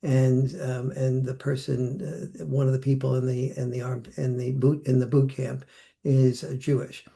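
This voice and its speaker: Gravelly, dark-voiced older man. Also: mid-range voice, flat delivery, moderate pace. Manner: reflective, acts out quoted voices. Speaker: podcast guest. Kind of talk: conversational interview.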